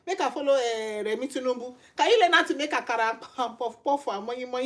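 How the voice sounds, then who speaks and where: Woman, Nigerian accent, middle-aged, high voice, informal preaching, emphatic, repeated rhetorical questions. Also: lively intonation, brisk, a bit bright. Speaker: channel host and lay preacher.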